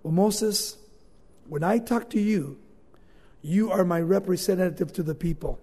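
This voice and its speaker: A stern, fatherly God played by a male preacher who scolds with pointed questions. The voice sits high. It rings out in a hall with a long reverb. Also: measured pace, a little mellow, slightly rough. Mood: reproachful. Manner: conversational, questioning, chiding.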